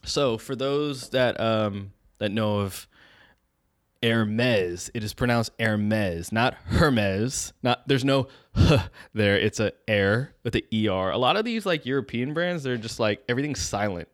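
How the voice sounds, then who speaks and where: A man's voice: medium pitch, animated, moderate pace, hardly any pauses, no echo, studio quality. A young man co-hosting a casual podcast chat, rambling loosely and searching for words. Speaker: podcast co-host.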